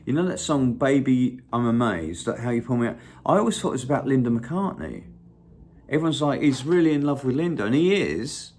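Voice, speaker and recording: Very animated yet a little mellow, a man hosts his channel in a mid-range voice at a slightly quick pace. He rambles casually, swears liberally, and drifts into humming and singing song snippets.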